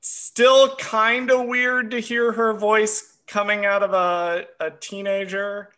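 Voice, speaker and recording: A podcast co-host with a high, sharp, fairly flat voice speaks slowly while casually chatting about an episode. He calls himself a history nerd and fills his talk with frequent "uh"s.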